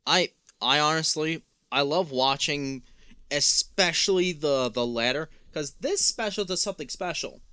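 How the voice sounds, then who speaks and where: A man co-hosting a casual review chat, animated and acting out voices as he talks. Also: fairly high pitch, measured pace, smooth, no room sound. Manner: animated, acts out voices and quotes. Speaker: co-host.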